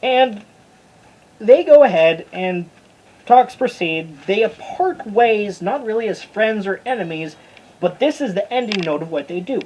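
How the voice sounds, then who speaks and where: A Bible study teacher giving a casual, informal lesson, chatty and stumbling over hard names, with a husky voice. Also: mid-range voice, expressive, unhurried, darkish tone, rough recording.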